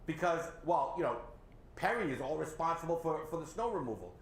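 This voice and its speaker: A man with a New England accent hosting a local talk show, animated and sarcastic as he criticizes city leaders. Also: a little high, a little fast. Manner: animated, sarcastic, mocks others in put-on voices. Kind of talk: opinionated local politics discussion. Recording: echoey room with faint ambient noise.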